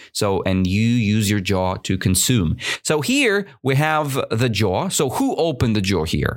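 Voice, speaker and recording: A man teaching English vocabulary in a casual lesson, asking questions and tagging sentences with "right?", with non-native grammar. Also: on the low side. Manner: animated, asks many questions, says "right?" often. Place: indoors, drinking coffee at the mic.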